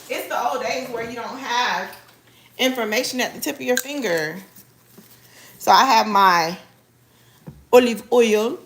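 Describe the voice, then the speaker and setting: A woman's voice: fairly high pitch, a bit bright, a little hiss or hum. Chatty woman cooking live for viewers. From Haiti. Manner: chatty, addresses viewers as y'all. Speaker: cooking vlogger. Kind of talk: casual live cooking stream. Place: home kitchen.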